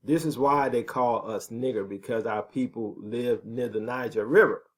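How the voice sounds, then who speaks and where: A man's voice: mid-range voice, fairly even intonation, moderate pace. A man teaching as a ministry preacher, talking emphatically, asking rhetorical questions and checking in with "right?" and "okay". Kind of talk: preaching commentary on prophecy.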